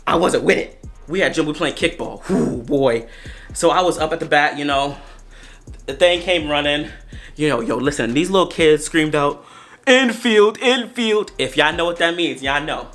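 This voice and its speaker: A man in his twenties telling a story to the camera in a casual, slangy, animated way, often talking straight to his viewers. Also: on the high side, normal speed, faint music behind. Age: 20s. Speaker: storytelling vlogger.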